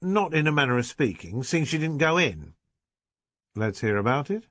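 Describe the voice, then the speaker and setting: A man's voice: medium pitch, sing-song, normal speed, a bit bright, dry recording, voice pushed up. A man voicing a plain-spoken, deferential male chauffeur telling his story. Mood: chatty.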